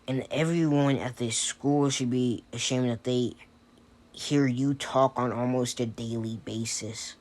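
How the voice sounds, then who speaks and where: A man's voice: medium pitch, fairly even intonation, measured pace, a little mellow, close to an everyday voice. A man voicing a cold, scornful teenage boy hero who cuts others down with insults. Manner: contemptuous, cutting insults.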